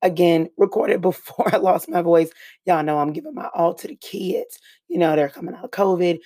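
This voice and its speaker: A woman hosting a podcast with a hoarse voice she has nearly lost, talking casually and apologizing through a quick intro. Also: fairly low pitch, expressive, dark tone, no echo, clean studio sound. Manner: apologetic, rushed, laughing at herself. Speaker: podcast host.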